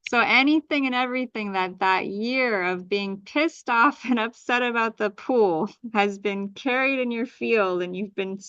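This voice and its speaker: A woman astrologer hosts a workshop over a video call, reading a chart and leading a clearing in rhythmic lists. Her voice sits slightly high. The sound is dull and dry. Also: a little slow, few pauses, a bit bright, no room sound.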